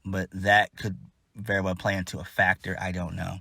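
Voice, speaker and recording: A man's voice: deep voice, flat delivery, moderate pace, gravelly, bright, forceful tone, no room sound, clean studio sound. A man giving a casual solo wrestling review, blunt, exasperated and profane.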